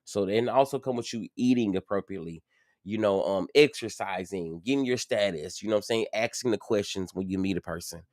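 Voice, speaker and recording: A man's voice: on the low side, fairly quick, a little mellow, dry recording, studio quality. A man talking casually and earnestly to his viewers from home, addressing them directly as he shares his story. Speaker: vlogger sharing his story.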